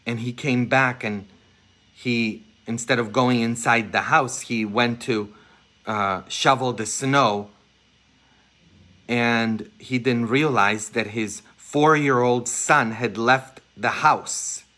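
A man preaching a homily as a Catholic priest, impassioned, dropping to a hush and rising loud as he acts out voices in his stories. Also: medium pitch, steady tone, takes it slowly. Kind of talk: sermon.

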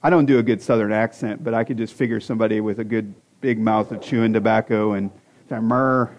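A man's voice: fairly low pitch, level tone, fast talker, a little mellow. A man in his forties preaching a conversational sermon as a pastor, with self-deprecating jokes and rhetorical questions to the congregation. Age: 40s. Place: church sanctuary.

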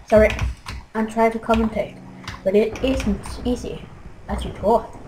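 A young woman commentating her own gameplay, frustrated and trash-talking, with excitable outbursts. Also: on the high side, measured pace, pauses often, noisy background. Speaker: gaming commentator.

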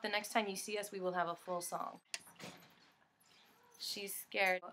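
A woman hosting a playful home music chat, excitable and quick to joke and put on voices. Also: medium pitch, slight background noise. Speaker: show host.

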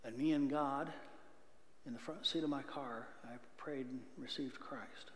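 A middle-aged man giving a church testimony, earnest, swinging from loud outbursts to near whispers. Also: medium pitch, measured pace, slight background noise. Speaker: guest speaker giving testimony. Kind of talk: testimony sermon. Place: church sanctuary. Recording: echoey church hall reverb.

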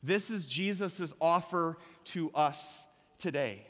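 A man with an American Midwestern accent preaching a lively sermon as a pastor, with emphatic bursts and shouts. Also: fairly high pitch, slow pace. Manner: energetic, emphatic preaching with sudden loud shouts. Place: large church sanctuary. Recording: long hall reverb from a church.

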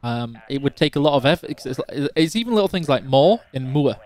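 A man's voice: medium pitch, animated, fast talker. A man from Yorkshire hosting a live game stream, chatting casually and teasing while reading out chat questions. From Yorkshire, England.

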